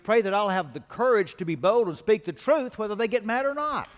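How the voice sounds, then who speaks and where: A man's voice: high voice, lively intonation, brisk, some chatter behind. A male pastor preaching a sermon in a large church auditorium, telling stories and building to emphatic calls to action. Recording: long reverb of a large church hall.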